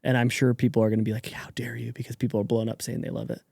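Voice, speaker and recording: A man co-hosts a podcast in relaxed, casual chat. His voice is warm and mellow, and he gives blunt opinions, often sliding into quieter asides. The sound is dry, with no room echo. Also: lowish voice, rapid-fire, vocal fry. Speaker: podcast co-host.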